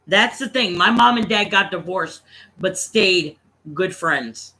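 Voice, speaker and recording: A man in his thirties spins a loose, profane family story for his stream. His voice sits high and bright. He talks in a casual, rambling way. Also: slow, low-quality recording. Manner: profane, laughing anecdote-teller.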